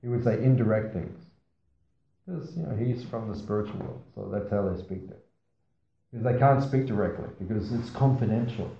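A man's voice: on the low side, fairly quick, gravelly. A man giving a scripture class to a small audience. He tells stories, asks the audience questions, and makes playful asides. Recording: roomy, slightly dull sound.

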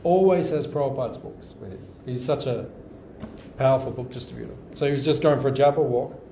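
Guy telling stories in a spiritual class, warm low-key tone, echoey room, kinda dull sound. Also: fairly quick, creaky, a little hiss or hum. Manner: chatty storyteller, repeats phrases for emphasis. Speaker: devotional class speaker. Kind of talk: informal scripture class with anecdotes.

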